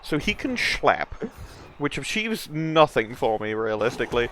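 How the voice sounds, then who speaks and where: A man's voice: mid-range voice, sing-song, measured pace, fairly bright tone, a little hiss or hum. A man chatting casually while playing a tabletop sports game with friends, talking through his own moves in a playful way.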